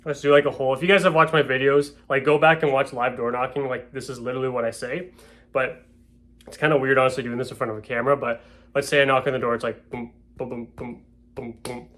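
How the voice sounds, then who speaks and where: A man's voice: medium pitch, steady tone, quick pace, a bit bright. A man who sells real estate, at home, giving a casual spoken lesson on door-to-door sales. He keeps checking in with his listeners and acts out door-step scripts.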